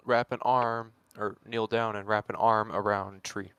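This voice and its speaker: A man's voice: fairly low pitch, level tone, a little slow, a bit bright, clean tone, dry recording. A man playing a tabletop game, describing his character's moves plainly. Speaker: player. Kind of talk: casual role-play chat.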